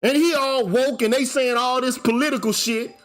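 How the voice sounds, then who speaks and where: A man's voice: very high-pitched, fairly even intonation, normal speed, fairly bright tone, faint music behind. A man hosting his own channel, delivering a fiery, profane commentary rant that hammers the same point with repetition. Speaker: channel host. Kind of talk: ranting commentary vlog.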